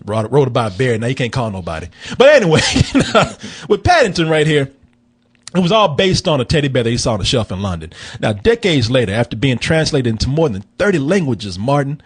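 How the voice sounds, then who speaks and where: A man's voice: mid-range voice, very animated, quick pace, husky. A man hosting a casual film review show, telling the story in a profane, rambling, joking way. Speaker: film review podcast host. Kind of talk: casual comedic chat.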